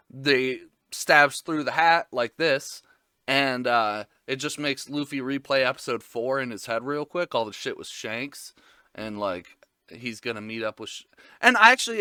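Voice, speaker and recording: A man's voice: mid-range voice, bright, forceful tone, clean tone, no room sound, studio quality. A man casually recapping an anime episode, rambling and joking with frequent swearing.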